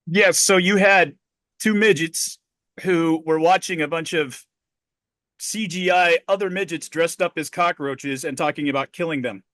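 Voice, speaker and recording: A middle-aged man co-hosting a podcast, telling a story in a profane, animated way. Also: a little high, a little slow, no room sound, studio quality. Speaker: podcast co-host. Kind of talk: casual podcast chat.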